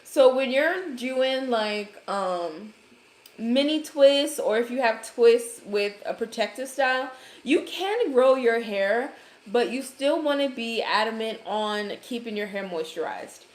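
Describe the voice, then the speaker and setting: A woman's voice: fairly high pitch, expressive, slow, roomy sound. A woman from Brooklyn, New York, with a Brooklyn accent, chatting casually to livestream viewers and answering their comments with hair care advice.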